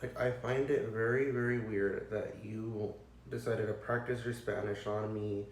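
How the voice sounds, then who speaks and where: A man's voice: lowish voice, steady tone, a little slow, slight background noise. A young man telling a storytime rant, exasperated and profane, rambling with lots of fillers. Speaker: vlogger. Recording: echoey room.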